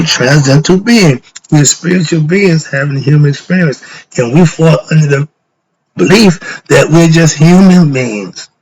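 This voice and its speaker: Heard through a low-quality recording with slight background noise, a mid-range male voice belongs to a middle-aged or older philosophy talk host. His spiritual lecture is casual; he poses and answers his own rhetorical questions, lapses into slang, and gets fired up.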